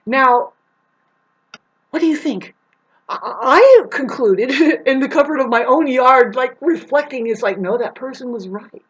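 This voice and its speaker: Her voice is high with lively intonation, and she keeps a measured pace as she rambles through a casual story, cursing along the way. She performs the characters with big swings in her voice, captured on a slightly rough, muffled recording.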